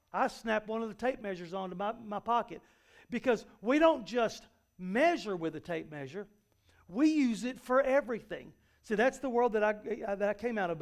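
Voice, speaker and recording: A male pastor giving a conversational sermon, folksy and full of everyday analogies, often restarting his sentences. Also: extremely high pitch. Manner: frequent repeated restarts. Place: church sanctuary.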